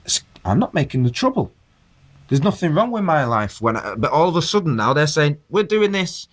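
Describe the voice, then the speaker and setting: A man's voice: a little high, big pitch swings, brisk, slight background noise. A man delivering an impassioned video rant, preaching at his viewers and firing rhetorical questions at them. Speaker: vlogger.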